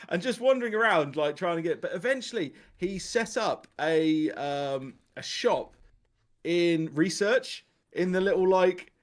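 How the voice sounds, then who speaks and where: A man hosting a casual podcast, talking in a rambling, animated way and laughing often. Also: high-pitched, unhurried. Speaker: podcast host.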